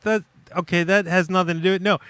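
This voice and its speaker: Bright, brash high-voiced man. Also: steady tone, quick pace, clear, resonant tone, dry recording. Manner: brash, profane, combative. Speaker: show co-host. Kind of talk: argumentative live show banter.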